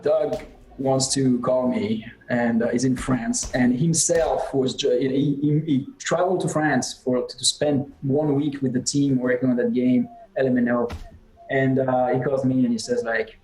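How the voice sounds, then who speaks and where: Halting man in a roomy, echoey space. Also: medium pitch, steady tone, darkish tone. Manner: halting, drawn-out phrasing. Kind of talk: interview storytelling. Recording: roomy echo.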